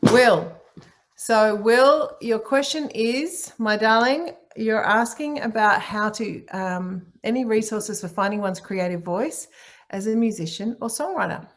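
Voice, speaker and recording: A woman's voice: fairly high pitch, unhurried. Encouraging woman on a video call. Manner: warm, encouraging, playful with her voice. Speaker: guest speaker, singer and author. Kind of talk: casual online talk answering questions.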